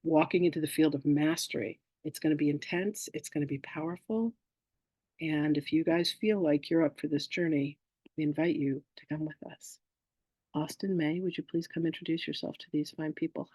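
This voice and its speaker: Lively woman workshop host. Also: sits low, moderate pace, dry recording. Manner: affectionate, animated storyteller who greets people warmly. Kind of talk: casual workshop talk.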